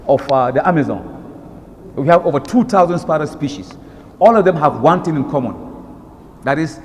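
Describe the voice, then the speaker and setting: A man with a Nigerian accent preaching an emphatic sermon and reciting Arabic verses. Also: on the high side. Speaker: Islamic preacher. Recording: long reverb of a hall.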